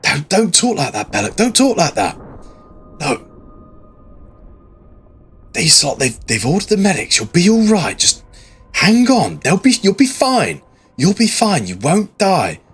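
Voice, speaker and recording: A man voicing a battle-worn male corporal who pleads with a dying comrade, his voice climbing high with distress. He has a husky voice and speaks in a tabletop game. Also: wildly swooping pitch, measured pace, long pauses, fairly bright tone, faint music behind, full character voice. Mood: pleading.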